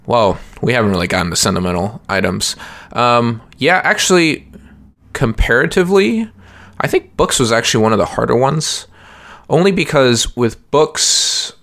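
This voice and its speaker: A man's voice: mid-range voice, big pitch swings, moderate pace, creaky, fairly bright tone. A young man co-hosting a podcast, chatting casually and rambling, with lots of "like" and restarts. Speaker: podcast co-host. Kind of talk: casual chat.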